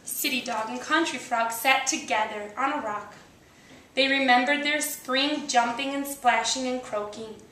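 A woman reading a picture book aloud, telling the story slowly and deliberately, recorded on a handheld camcorder. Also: high voice, sharp tone, slight background noise. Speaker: storybook reader. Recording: roomy, recorded from a distance.

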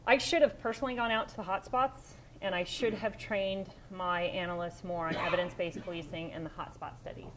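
A woman's voice: lowish voice, steady tone, fairly quick, few pauses. Woman presenter, middle-aged, direct, conversational, restarts often, faint background hiss. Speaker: police sergeant presenting at a workshop. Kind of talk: conference presentation.

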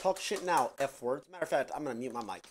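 A man streaming a game live, crude and brash, breaking into loud shouts between casual chat into a headset mic. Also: mid-range voice, expressive, fast talker, a little hiss or hum. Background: loud game music.

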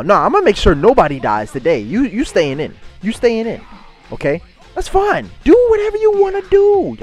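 A young man giving excitable gameplay commentary and trash-talking his opponent. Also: a little high. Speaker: gaming YouTuber.

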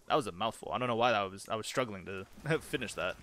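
A man casually commenting on a strategy game and reading its event texts aloud, muttering quick reactions as he plays. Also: on the low side, a bit bright. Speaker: gaming channel host.

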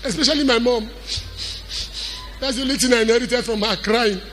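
A man preaching a sermon as a pastor, animated, with sudden shouts and a sing-song cadence. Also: very high voice, a little fast, a little hiss or hum.

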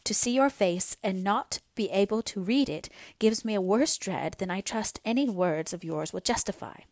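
A woman's voice: medium pitch, moderate pace, darkish tone, dry recording, close to an everyday voice. A woman voicing an earnest, anxious young daughter in an audiobook reading, her lines pleading and near tears. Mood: earnest, insistent. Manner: pleading, then breaking into tears.

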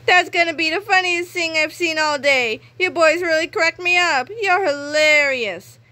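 A woman doing a giddy, high-voiced man principal. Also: normal speed, bright, forceful tone. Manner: sing-song, giggly. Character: silly grown man school principal, giddy and sweet.

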